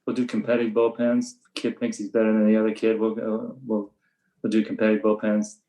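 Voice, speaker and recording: Older man, baseball coach, low voice, flat delivery, matter-of-fact, interview chat. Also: fast talker, low-quality recording. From USA. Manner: flat, matter-of-fact storytelling, acting out his own sharp coaching lines. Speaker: high school baseball coach. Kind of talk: relaxed podcast interview.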